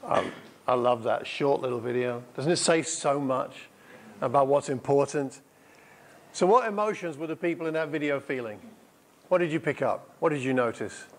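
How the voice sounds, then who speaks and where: A man's voice: medium pitch, moderate pace, slight background noise. A middle-aged man preaching in church, asking the congregation questions and telling a story with energy. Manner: lively storytelling, repeats answers back. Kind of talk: sermon with audience questions. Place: church hall.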